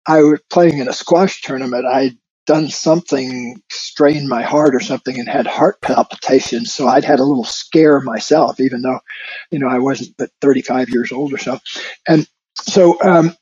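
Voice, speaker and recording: A man co-hosting a podcast, telling a personal story in a reflective, unhurried way with soft chuckles. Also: mid-range voice, dull audio. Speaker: podcast co-host. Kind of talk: conversational storytelling.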